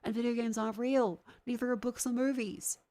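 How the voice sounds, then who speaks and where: A woman's voice: on the high side, steady tone, fairly quick, dark tone. A young adult woman, ranting to her stream chat in a heated, sarcastic way, swearing often and sounding congested from a sinus infection.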